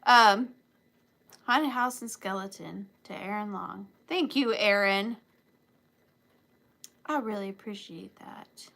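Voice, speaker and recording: A woman's voice: medium pitch, slow, gravelly, pauses often, fairly bright tone. A woman hosting a live online sale, chatting casually with viewers in a giggly, joking way. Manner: chatty and giggly, jokey asides.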